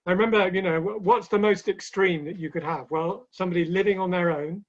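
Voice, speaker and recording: A man's voice: high voice, steady tone, fairly quick. A man speaking as a guest in a webinar conversation, telling stories with light humor in a chatty way. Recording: dull lo-fi online call audio.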